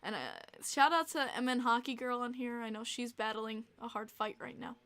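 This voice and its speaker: A woman's voice: fairly high pitch, steady tone, normal speed, a bit bright. A woman hosting a casual livestream podcast, talking emotionally and rambling with many fillers and restarts. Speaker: podcast host and streamer.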